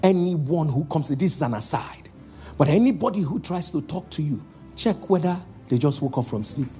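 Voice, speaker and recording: A man preaching a sermon as pastor, calling out to the congregation and slowing down for emphatic lines. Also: a little high, expressive, soft background music. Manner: calls out to the congregation, shifting between loud exhortation and slow emphatic lines.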